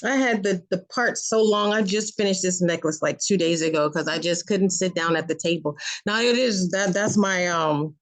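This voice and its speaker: A woman's voice: on the low side, normal speed, few pauses, poor audio. A woman guest in a casual chat interview, telling rambling stories with many restarts.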